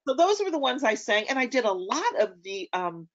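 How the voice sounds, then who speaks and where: A middle-aged woman who sings opera chats casually and tells anecdotes, using plenty of ums. Her voice is on the high side and sing-song at a moderate pace, and the audio is dull and lo-fi.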